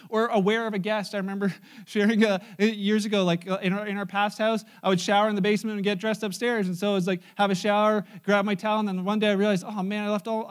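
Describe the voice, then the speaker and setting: A man pastor delivering a conversational sermon, mixing stories and humor with plain teaching. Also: high-pitched. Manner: conversational preaching with asides and humor.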